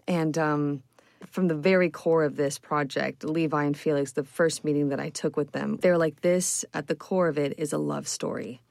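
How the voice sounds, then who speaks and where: Low, gravelly woman actor, earnest. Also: a little mellow, dry recording. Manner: earnest and reflective, casual phrasing. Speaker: stage actor guest. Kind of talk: interview conversation.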